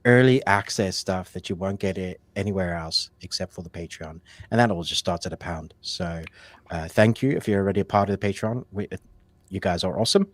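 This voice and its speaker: A man's voice: fairly low pitch, dry recording. A man co-hosting a live movie stream from home, talking casually in a rambling way, full of fillers and restarts. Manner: rambling, filler-heavy, self-correcting. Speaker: co-host of a live movie show.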